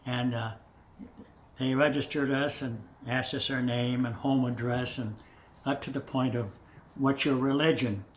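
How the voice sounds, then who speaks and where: An older man telling his memories in an oral history interview, halting with many fillers and restarts, chuckling now and then. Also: mid-range voice, steady tone. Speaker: veteran interviewee. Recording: echoey room, distant mic, faint noise.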